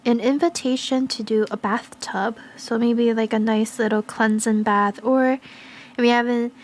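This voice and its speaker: A woman reads oracle cards in a soft, affirming way, slowing down and pausing between her words. Her voice sits a little high. A faint hiss of noise runs under the recording. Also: steady tone. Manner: soft, slow, affirming, with pauses and fillers. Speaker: tarot and oracle card reader. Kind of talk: gentle spiritual card reading.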